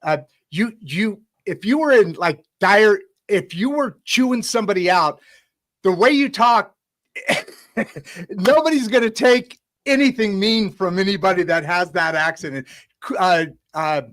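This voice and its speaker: A man's voice: high voice, expressive, unhurried, fairly bright tone. A man hosting a casual podcast interview, rambling with many fillers and restarts. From United States. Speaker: host.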